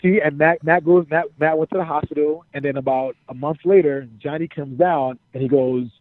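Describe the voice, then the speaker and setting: A former wrestler, a man, telling profane, animated stories as an interview guest and repeating his phrases as he goes. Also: fairly high pitch, fairly quick, no echo. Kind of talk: casual storytelling. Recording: dry, phone-like narrow sound.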